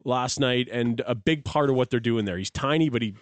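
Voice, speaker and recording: A man's voice: medium pitch, brisk, no room sound. A man co-hosting sports radio, joking wryly and adding hockey analysis. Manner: wry, joking, adds analysis.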